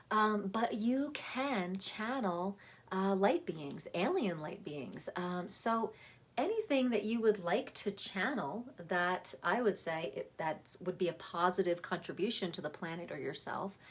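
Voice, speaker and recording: Dreamy woman, gentle sound-coach talk. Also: mid-range voice. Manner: gentle, dreamy, many fillers and restarts. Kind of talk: casual teaching monologue.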